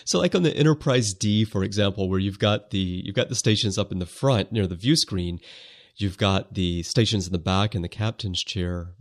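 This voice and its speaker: A man's voice: lowish voice, normal speed. A man hosting a casual fan podcast who talks in a thoughtful, descriptive way and uses filler words. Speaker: podcast host. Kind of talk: casual chat.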